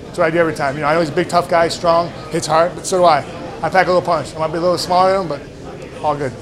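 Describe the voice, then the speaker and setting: A man's voice: fairly high pitch, fairly even intonation, rapid-fire, crowd noise. A man speaking as a fighter in a press scrum, brash and repetitive, swearing casually. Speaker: fighter at media day. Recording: noisy crowded media room.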